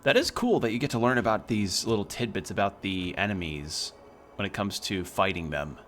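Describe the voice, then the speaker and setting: A man's voice: fairly low pitch, lively intonation, normal speed, a bit bright, faint music behind. A man streaming a video game, chatting casually and swearing freely as he plays. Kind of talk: casual gameplay commentary.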